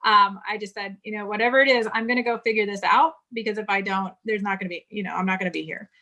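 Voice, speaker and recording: Woman in her 40s from California, interview guest, bright and forceful tone, recounts her past frankly. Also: medium pitch, fairly even intonation, fast. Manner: candid storytelling, quotes others in dialogue. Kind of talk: casual interview conversation.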